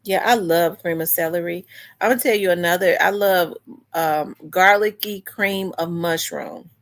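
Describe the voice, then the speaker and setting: Speaking at a moderate pace in a lowish voice, this livestream host rambles casually with the people watching live. She's chatty, tends to start over mid-thought, and responds directly to what viewers type in chat.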